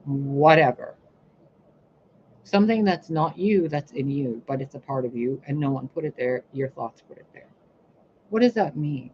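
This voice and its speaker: A woman's voice: very deep voice, normal speed, lo-fi sound, slight background noise. A woman, a spiritual reader and healer, ranting bluntly and profanely on her own live stream. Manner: blunt, profane, animated, acts out other people's lines. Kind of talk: casual live-stream rant.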